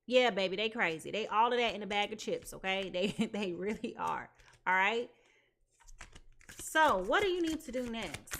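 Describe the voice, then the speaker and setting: A woman's voice: medium pitch, lively intonation, normal speed, fairly bright tone, slight background noise. A woman giving a live tarot reading, talking in an emphatic, repetitive way with casual slang. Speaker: tarot reader.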